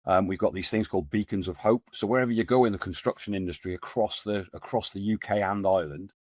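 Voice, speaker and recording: A man's voice: fairly low pitch, fast talker, darkish tone, no room sound, clean studio sound. A middle-aged man, a podcast guest telling stories in a casual, rambling way full of fillers and restarts. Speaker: podcast guest, men's support group founder. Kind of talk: casual storytelling conversation.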